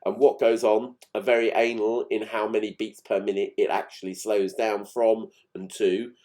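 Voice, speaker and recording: A man with a fairly low voice talks casually to his channel's viewers. He explains small recording quirks in close detail, and his enthusiasm comes through. His delivery is conversational and unscripted. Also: darkish tone. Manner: chatty, detailed, audibly enthused about tiny recording details. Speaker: music channel host.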